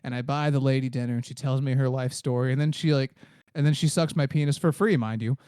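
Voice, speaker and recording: A man co-hosting a comedy podcast, an animated storyteller who acts out voices and jokes crudely. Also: mid-range voice, quick pace, clear, resonant tone, no echo, clean studio sound. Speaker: podcast co-host. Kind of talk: casual comedy chat.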